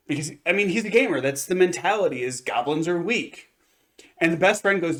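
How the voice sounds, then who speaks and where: A slightly high, animated male voice, fairly quick and a bit bright, recaps an anime episode. As co-host of a review podcast, he rambles in casual chat, leaning on fillers and restarting often.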